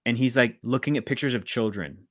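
A man co-hosting a podcast, reviewing a film in casual chat and acting out scenes in quick quoted voices. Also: medium pitch, a bit bright, no room sound, studio quality. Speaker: podcast co-host.

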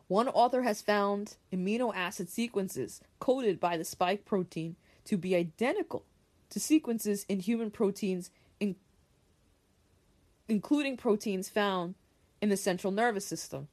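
Her voice is lowish with a darkish tone. Hosting a podcast alone, this woman rants heatedly and profanely about an article she reads aloud, hitting the same points over and over for emphasis.

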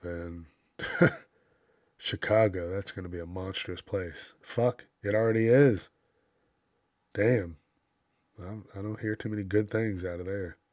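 A man's voice: fairly low pitch, no room sound, studio quality. A man hosting a casual news commentary, ranting sarcastically and swearing constantly. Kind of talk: profane casual news rant.

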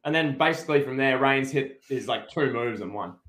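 A man's voice: medium pitch, fairly quick, a bit bright, echoey room. A man co-hosting a podcast, giving opinionated, emphatic takes in casual chat about a wrestling show. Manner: opinionated, emphatic, many restarts. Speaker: podcast co-host.

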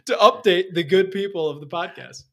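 Deadpan cohost on a sports pod, bright voice, dry jokes. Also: medium pitch, brisk. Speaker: podcast co-host. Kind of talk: casual chat.

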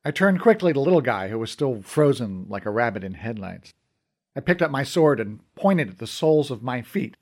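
A man narrating a first-person adventure story in an animated, expressive way. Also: medium pitch, moderate pace.

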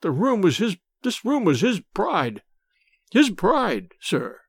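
Male reader voicing an older deferential manservant for a storybook reading, formal, lively pitch. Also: slow, breathy edge, no room sound, studio quality, exaggerated voice. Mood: mournful. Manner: formal, deferential, saying sir.

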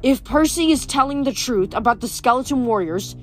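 A woman's voice: high-pitched, animated, brisk, faint music behind. A woman reading a book aloud, voicing a haughty teenage huntress who speaks in a formal, old-fashioned way. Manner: formal and archaic, curt.

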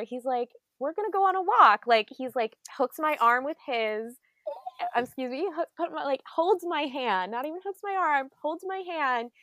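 A woman telling an excited story in casual chat, full of "like" and quoted asides. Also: sits high, no room sound.

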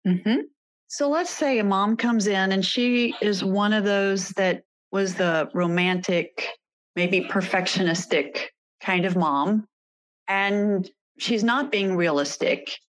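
Slow-speaking woman host. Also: mid-range voice, rough recording. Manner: brief affirmations and measured questions. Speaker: podcast host. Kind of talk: interviewing.

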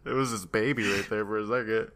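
A man's voice: on the low side, fairly even intonation, fast talker, a bit bright, a little hiss or hum. A man co-hosting a podcast, chatting casually and laughing with dry asides. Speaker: podcast co-host. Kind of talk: casual chat.

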